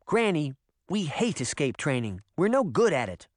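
Man doing a high-pitched grumbling little girl of seven, dry close recording. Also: big pitch swings, moderate pace, dry recording. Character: little girl, sleepy and whiny, seven years old.

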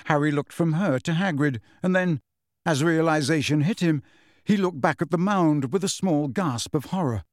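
An audiobook narrator with a voice on the high side reads a fantasy novel, measured and expressive in his storytelling. The studio sound is clean, with no echo.

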